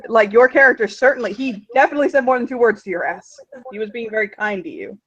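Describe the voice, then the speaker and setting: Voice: mid-range voice, fast talker, fairly bright tone, dry recording. A game master narrating a tabletop game in a loose, rambling way with many fillers and swearing, on a dull lo-fi recording.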